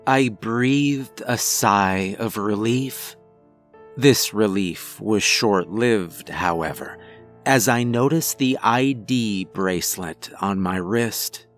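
A man narrating a first-person horror story in a measured, grave scripted delivery. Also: on the low side, soft background music.

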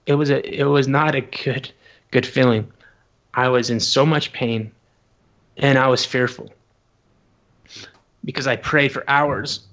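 A man's voice: medium pitch, fairly bright tone, lo-fi sound. A man guest on an interview, telling a personal testimony earnestly and with feeling, often restarting his sentences. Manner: earnest, heartfelt storytelling with frequent restarts. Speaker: podcast guest.

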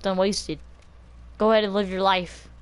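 A woman streaming a video game live, talking casually in a loud, crude, teasing way with lots of laughter. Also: medium pitch, fairly even intonation, moderate pace, clear, resonant tone, low-quality recording.

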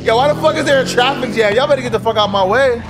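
A young man streaming a driving game, talking casually and cursing excitedly at other players. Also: extremely high pitch, fast. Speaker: gaming streamer. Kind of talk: casual gameplay commentary. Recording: loud game engine noise behind. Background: car engine and game sounds.

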